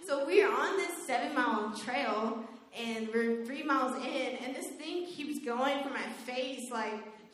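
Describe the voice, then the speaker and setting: A young woman giving a faith talk, telling personal stories in a lively way, laughing often and saying "like" a lot. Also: sits high. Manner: animated storytelling, laughs often, says "like" a lot. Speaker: youth speaker. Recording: very echoey room.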